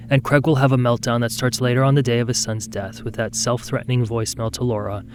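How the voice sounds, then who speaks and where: A man narrating a true-crime documentary in a measured, scripted way. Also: medium pitch.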